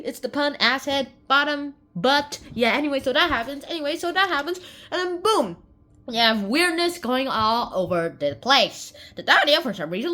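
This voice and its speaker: A woman's voice: high voice, bright, forceful tone. A young woman casually summarizing a play in a rambling, chatty way, often correcting herself. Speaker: video host summarizing a play.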